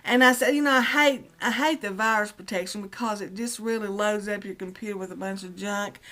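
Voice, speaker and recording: A woman's voice: medium pitch, brisk, fairly bright tone. A middle-aged woman vlogging an indignant rant, retelling a phone call line by line with many "I said". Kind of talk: angry personal rant.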